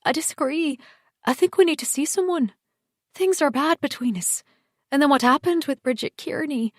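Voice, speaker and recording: A woman's voice: sits high, moderate pace, dry recording, studio quality, voice pushed up, close to an everyday voice. A woman voicing a suspicious, hurt wife, anxious and accusing, pushing her husband for the truth. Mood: pleading.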